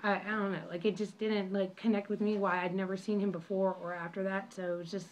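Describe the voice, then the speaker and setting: A woman's voice: mid-range voice, level tone, fast talker, highs cut off. A young woman telling a story in a casual vlog, rambling and apologetic with many restarts, recorded on her phone at home. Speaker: vlogger.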